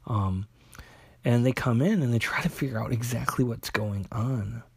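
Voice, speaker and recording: A man casually recapping a comic book's plot, talking in a halting way with many fillers and restarts. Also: medium pitch, gravelly, slightly rough, no room sound. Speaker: comic book reviewer.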